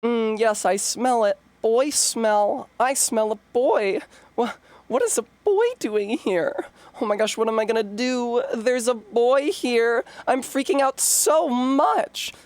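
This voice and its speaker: A man pitching his voice way up into a breathless, boy-crazy girl who gushes and swoons at every word. It is played as a comic meme reading, high and fluttery, with an over-the-top giddiness. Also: slow pace, dry recording, exaggerated voice. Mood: giddy swooning. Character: girl gushing giddily over a boy's scent.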